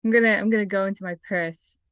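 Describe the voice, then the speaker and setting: A woman's voice: medium pitch, fairly even intonation, quick pace, fairly bright tone, smooth, no room sound. Firm woman player, dry sound. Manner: firm, laughing in-character play. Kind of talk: playing a tabletop game.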